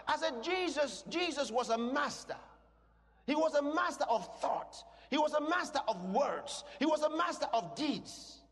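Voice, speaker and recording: A man preaching a sermon, teaching in an emphatic way and breaking into shouted declarations, often asking the congregation questions. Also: very high voice. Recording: long hall reverb.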